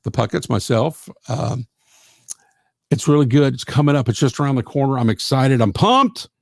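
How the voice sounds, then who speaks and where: A man's voice: mid-range voice, expressive, normal speed, gravelly, no room sound, studio quality. A man hosting a live gospel radio show, chatty and effusive as he reads listener comments and thanks them. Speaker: radio host.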